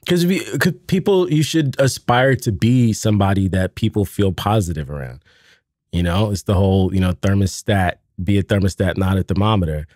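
A man's voice: low-pitched, normal speed, darkish tone, no room sound, clean studio sound. A man co-hosting a casual podcast, telling stories animatedly and laughing at his own puns. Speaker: podcast co-host. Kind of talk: casual conversational podcast chat.

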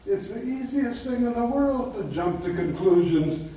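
Older guy lecturing, warm mellow voice kinda high, booming echo from far back in a hall. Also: animated, moderate pace, a little hiss or hum. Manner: anecdotal, emphatic teaching. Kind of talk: lecture to a live audience. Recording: echoey hall, mic far off.

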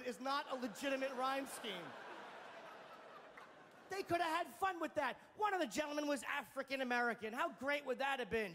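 High-voiced profane stand-up comic. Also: male voice, normal speed, a little hiss or hum. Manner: sardonic, profane, deadpan punchlines. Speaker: stand-up comedian. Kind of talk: stand-up comedy set.

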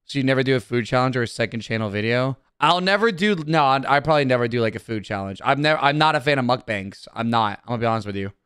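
Foul-mouthed male streamer, smooth clear voice. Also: medium pitch, animated, fast talker, few pauses, fairly bright tone, no echo, studio quality. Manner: profane, reads chat aloud, easily riled up. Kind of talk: casual livestream chat.

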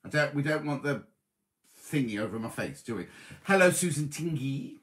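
A man with an animated, fairly bright medium-pitched voice talks at a moderate pace while hosting a live online coffee morning. In casual live-stream chat, he reads out viewers' messages and greets them as "my love."

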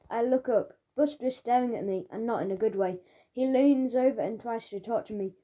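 A woman narrating a children's audiobook in the first person as a schoolboy, in a lively storytelling manner, recorded on a studio microphone. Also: medium pitch, fairly quick.

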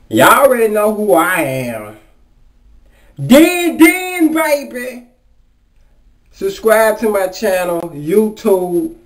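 A man doing a comedic rant as a vlogger, exasperated and full of profanity. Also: mid-range voice.

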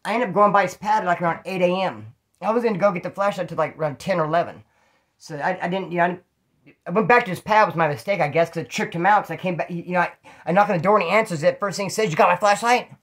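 A man's voice: high-pitched, quick pace, fairly bright tone. A man telling rambling, slangy, profane stories in a casual monologue. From California. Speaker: storyteller about prison life.

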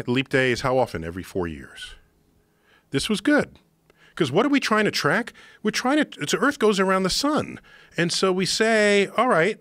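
A man explaining something to a podcast host in an emphatic, excitable lecturing manner. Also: on the high side, no room sound. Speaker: podcast guest. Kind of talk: animated explanation in conversation. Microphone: studio podcast microphone.

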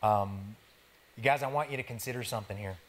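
A man's voice: fairly low pitch, a little fast. Man preaching a casual, conversational sermon. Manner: casual, conversational preaching that talks straight to the congregation; slangy everyday wording. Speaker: pastor.

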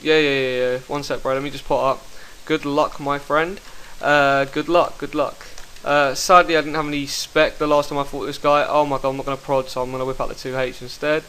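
A young man commentating his own online game fights, excitable and quick to swear, talking into a headset mic. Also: mid-range voice, clean tone, poor audio. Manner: excitable, swears, bursts into shouts. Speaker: gaming commentator. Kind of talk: live gameplay commentary.

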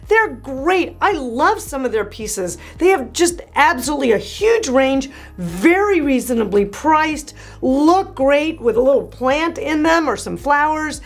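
A woman interior designer hosting a review vlog, gushing and animated, with lots of excited exclamations. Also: high-pitched. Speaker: interior designer and channel host. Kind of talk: enthusiastic product review vlog.

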